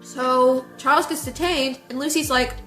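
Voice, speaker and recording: A woman chatting casually as she reviews a book, animated and full of filler words. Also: high-pitched, moderate pace, faint music behind. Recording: echoey room.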